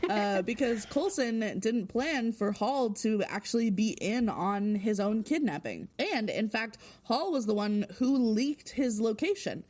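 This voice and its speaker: A woman co-host talks through a TV episode in a loose, chatty way, laughing often. Her voice sits a little high and swings through a wide, lively range. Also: a little slow, few pauses. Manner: giggly, chatty recapping with frequent laughs. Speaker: podcast co-host. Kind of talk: casual episode recap.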